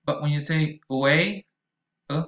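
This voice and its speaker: A male English teacher talks at an unhurried pace through a pronunciation lesson. He drags out each example word and says it twice or three times. His delivery is careful and drilled. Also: a little high, a bit bright, muffled recording. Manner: slow, deliberate, repeats example words with exaggerated stretched vowels.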